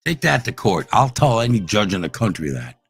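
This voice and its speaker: A man's voice: lowish voice, big pitch swings, a little fast, gravelly, fairly bright tone, breathy edge, no room sound. A man hosting a livestream, ranting angrily and profanely, repeating himself as he challenges his critics. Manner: profane, combative, repetitive. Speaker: livestream host. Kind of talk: angry livestream rant.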